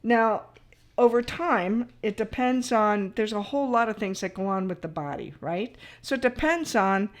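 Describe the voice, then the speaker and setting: A middle-aged woman, a nutrition coach, talking casually to camera in a chatty, animated way, often checking in with "all right?" and laughing at herself. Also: medium pitch, moderate pace.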